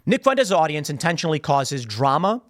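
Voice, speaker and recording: In a sing-song high voice that rises and falls, a podcast host rants about his critics into a studio mic at a moderate pace. He's emphatic and mocking throughout, repeating phrases to make his point.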